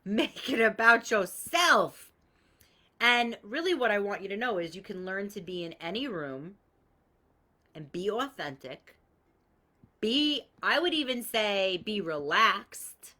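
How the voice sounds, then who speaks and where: Medium pitch, lively intonation and a bright, forceful tone mark this woman's voice, and she takes things slowly. During her casual live coaching stream she talks bluntly, swears freely, draws on everyday examples and greets viewers by name.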